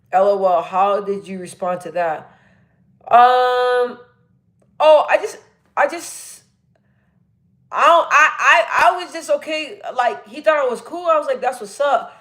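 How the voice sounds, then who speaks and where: A woman live-streaming, reading chat comments and talking bluntly and energetically, with a naturally deep voice she lifts a little. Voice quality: naturally deep voice, pitched up a bit. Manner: chatty, blunt and energetic, full of fillers and restarts.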